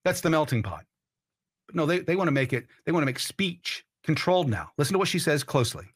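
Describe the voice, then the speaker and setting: Man, political commentary rant, blunt and profane, fairly high voice, very lively pitch. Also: fast, breathy edge. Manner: ranting, heated, blunt and profane. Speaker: host.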